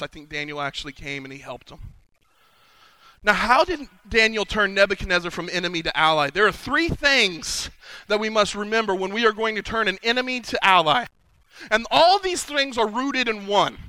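A man preaching a sermon at a conference, swinging from hushed pleading to loud proclaiming. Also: sits high, no echo, poor audio. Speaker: conference speaker. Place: conference hall.

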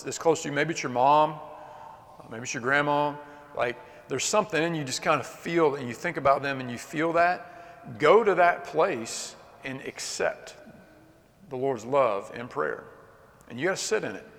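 Passionate preacher man in an echoey hall. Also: fairly high pitch. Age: adult. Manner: passionate, shifting from loud to hushed. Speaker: pastor. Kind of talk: sermon. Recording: long hall reverb.

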